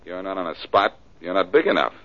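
An actor in an old radio drama playing a cocky, wisecracking reformed-thief detective. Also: male voice, low-pitched, very animated, quick pace, fairly bright tone, full character voice. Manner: dry wisecracks, easygoing. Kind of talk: 1940s radio acting. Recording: dull old radio broadcast.

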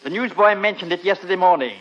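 A man's voice: high voice, fast talker, lightly acted. A man playing a polite, dry-witted English butler in a 1940s radio comedy, recorded on a muffled old broadcast with hiss.

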